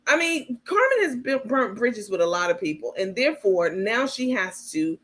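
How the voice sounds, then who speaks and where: A woman's voice: fairly high pitch, very animated, normal speed, a bit bright. Blunt, outspoken woman livestream host. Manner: outspoken and blunt, with casual profanity; addresses viewers as "baby" and "you guys". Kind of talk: casual livestream commentary.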